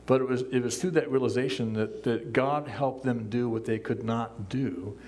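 An older man, a pastor, preaching a sermon from a church pulpit in a relaxed, conversational way, chuckling often and acting out the lines he quotes. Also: medium pitch, normal speed. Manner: acts out quoted lines in a raised voice.

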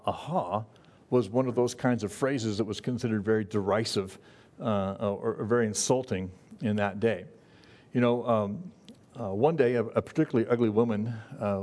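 A man giving a conversational sermon to his congregation. His delivery is folksy and halting, with frequent fillers, restarts and asides. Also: on the low side, a little mellow. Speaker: pastor. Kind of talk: conversational Bible-study sermon.

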